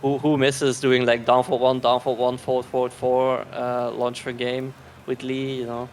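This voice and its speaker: A man's voice: medium pitch, completely flat delivery, normal speed, slight background noise. A man commentating a fighting game tournament in a casual, rambling way, often sarcastic and laughing.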